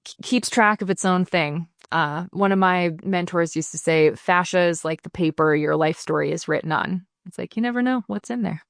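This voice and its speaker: A woman's gravelly, lowish voice moves at a moderate pace as she guests on a podcast, earnestly and casually explaining her bodywork practice. She becomes animated when acting out people she quotes, and the recording is dry with clean studio sound.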